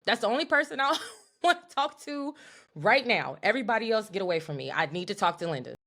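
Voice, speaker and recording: A young woman co-hosting a podcast, telling an animated, profane story in a casual chat. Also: medium pitch, quick pace. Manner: animated, profane, talks to her co-host as "girl". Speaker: podcast co-host.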